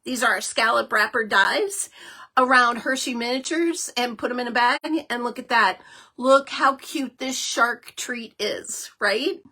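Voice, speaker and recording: A chatty, excitable middle-aged woman hosting a live card-making stream, with lots of fillers. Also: a little high, measured pace. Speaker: host of a live crafting show.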